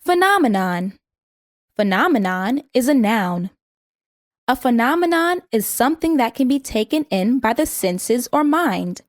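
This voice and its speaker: A woman's voice: on the high side, big pitch swings, dry recording, clean studio sound. Woman reading out vocabulary words. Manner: measured, says each word twice for repetition. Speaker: vocabulary instructor. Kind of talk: scripted vocabulary lesson.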